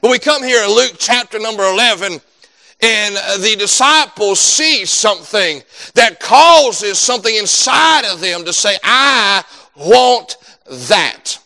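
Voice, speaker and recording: A pastor praying and then preaching a sermon, fervent and emphatic, rising to loud bursts. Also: male voice, sits high, animated, measured pace, rough recording.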